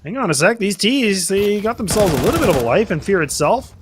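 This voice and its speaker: A man's voice: high voice, big pitch swings, noisy background. A man giving analytical color commentary on a competitive shooter match, with lots of fillers and restarts. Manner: quick, analytical, many fillers.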